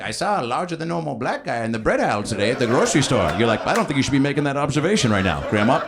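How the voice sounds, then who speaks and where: A man in his late thirties riffs through improvised stand-up on a comedy club stage, swearing loosely and swinging his pitch widely as he acts out quotes. A loud, laughing crowd fills the live recording. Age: 30s. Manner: loose, profane storytelling with lively voiced quotes. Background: audience laughing.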